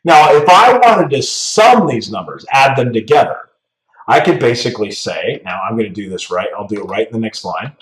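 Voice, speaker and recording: A man with a medium voice talks through a coding lesson in a relaxed, step-by-step way, often tagging his points with "right?". The sound is roomy and echoey, and he sits back from the mic. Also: mid-range voice, normal speed, far from the mic. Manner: casual, talks through steps, tags "right?". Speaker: programming instructor. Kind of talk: screen-recorded coding lesson.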